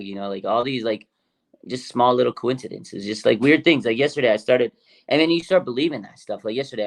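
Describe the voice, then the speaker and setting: A man hosting a fan livestream, talking casually in an excited, rambling way with many fillers and restarts. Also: lowish voice, gravelly. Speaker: fan show host.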